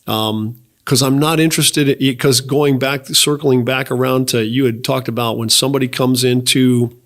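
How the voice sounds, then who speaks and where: A man's voice: mid-range voice, steady tone, moderate pace, a bit bright. A man hosting an interview as a mission director, speaking in an earnest, impassioned conversational way. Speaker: host, director of a residential rescue mission.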